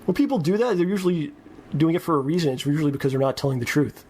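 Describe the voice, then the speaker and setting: A man speaking in a halting, reflective way, often pausing on fillers. His voice sits a little higher than most men's. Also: animated, noisy background. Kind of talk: reflective talk.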